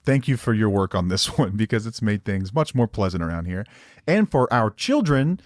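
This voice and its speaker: A middle-aged man co-hosting a podcast in casual chat with his wife. He speaks calmly and likes to joke. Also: fairly low pitch, moderate pace, no echo, studio quality. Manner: laid-back and joking, calm even when telling a story. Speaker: podcast co-host. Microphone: close podcast mic.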